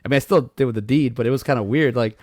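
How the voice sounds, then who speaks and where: A man raised in Mexico, co-hosting a podcast, telling animated stories in casual chat, acting out voices and laughing often. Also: medium pitch, racing, no echo, clean studio sound. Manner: animated storyteller, acts out voices, laughs a lot. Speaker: podcast co-host.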